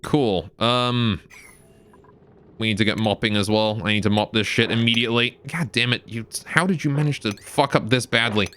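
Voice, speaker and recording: A man's voice: fairly low pitch, moderate pace, a bit bright, a little hiss or hum. Sex: man. Role: live streamer. Style: gameplay commentary, cursing and muttering at the game, chatting with viewers. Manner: talks to viewers between game instructions.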